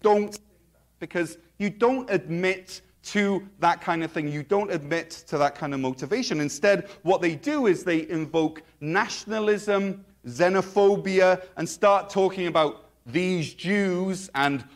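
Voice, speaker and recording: A man preaching a sermon in a relaxed, joking, conversational way with playful asides. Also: high-pitched, measured pace. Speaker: pastor.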